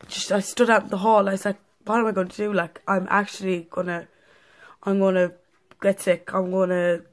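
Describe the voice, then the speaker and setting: A woman chatting in a casual vlog, telling a story in a rambling, breathless way with many fillers. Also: lowish voice. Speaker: vlogger.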